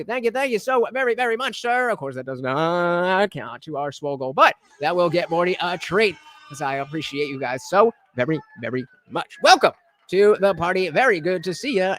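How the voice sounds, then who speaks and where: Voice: medium pitch, lively intonation, moderate pace, fairly bright tone. A live-stream host giving sarcastic commentary on clips and thanking viewers for donations.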